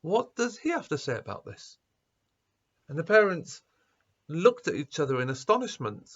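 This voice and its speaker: A man speaking as a rabbi at a school assembly, telling a story with lively quoted dialogue. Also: on the high side, normal speed, dull audio. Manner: animated storyteller, acting out quoted voices.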